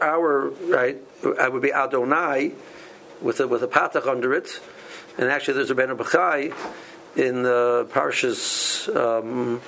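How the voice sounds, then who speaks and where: Halting man teaching a Torah class. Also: mid-range voice, gravelly, a bit bright, slight background noise, rough recording. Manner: halting, many restarts and repeated words. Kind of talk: halachic lesson.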